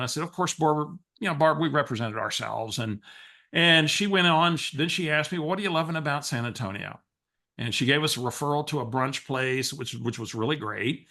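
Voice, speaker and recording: Bright-voiced man coaching. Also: fairly high pitch, a little fast. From Texas. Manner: animated storyteller who acts out quoted dialogue, with frequent restarts. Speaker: real estate coach. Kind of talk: coaching call storytelling.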